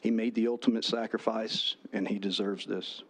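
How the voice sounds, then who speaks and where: A man testifies before a legislative committee in a low, flat voice. His delivery is earnest and steady, with a few fillers as he reads from notes. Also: normal speed. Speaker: veterans' post commander testifying. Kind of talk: prepared testimony. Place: legislative hearing room.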